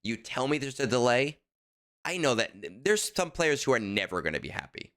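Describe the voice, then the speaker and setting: A man co-hosting a casual podcast, telling a story in an animated, emphatic way. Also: medium pitch, normal speed. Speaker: podcast co-host. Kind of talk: casual chat.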